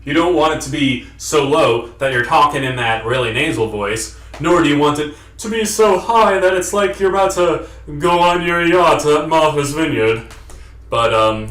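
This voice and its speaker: A man's voice: medium pitch, a bit bright, roomy sound, recorded from a distance. A man explaining and demonstrating how to fix a nasal voice in an instructional vlog. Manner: explanatory, demonstrates vocal sounds. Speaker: voice coach.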